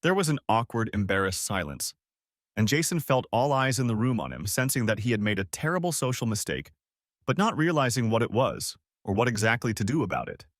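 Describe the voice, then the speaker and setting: A man narrating a scripted audiobook story with expressive storytelling. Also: medium pitch, fairly quick, no room sound, studio quality.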